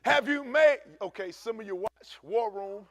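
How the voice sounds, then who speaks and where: A pastor preaching a sermon in a church, animated and conversational, swinging from shouting to low asides. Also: male voice, a little slow, no echo, clean studio sound. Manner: conversational, uses African American Vernacular English.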